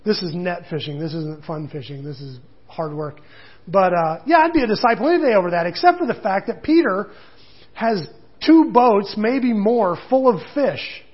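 A man's voice: high voice, animated, normal speed, slightly rough, lo-fi sound. A man preaching a sermon in a conversational way, with casual asides and quoted voices. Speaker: pastor.

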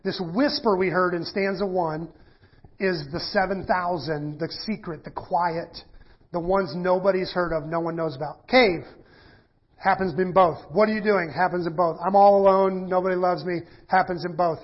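This preacher's voice sits high and husky, with a steady tone at a normal speed. He reads passages of scripture and breaks them down casually, using fillers and restarting his sentences, all captured on a dull lo-fi recording.

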